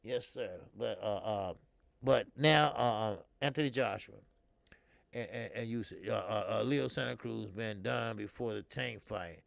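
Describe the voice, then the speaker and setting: A man's voice: lowish voice, unhurried, creaky, no echo. A middle-aged man hosting a boxing live stream, chatting loosely and greeting viewers by name. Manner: loose and chatty, shouts out viewers, many fillers. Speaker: boxing livestream host. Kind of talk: casual live-stream chat.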